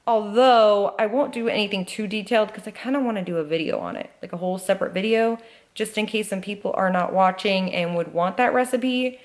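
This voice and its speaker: A young woman vlogging casually, telling a story with lots of "like" and acting out the voices of the people in it. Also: mid-range voice. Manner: animated, acts out quoted voices, frequent "like".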